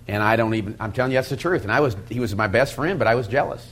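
Middle-aged male pastor, folksy teaching voice, mid pitch, lively quoted asides. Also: racing. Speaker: pastor teaching a Bible study method. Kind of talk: sermon-style teaching talk.

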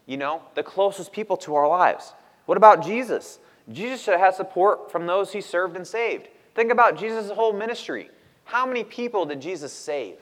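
A man preaching a sermon as a pastor, moving from loud, emphatic questions to hushed asides and acting out the voices of people in his stories. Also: high-pitched, lively intonation, moderate pace, in a large hall.

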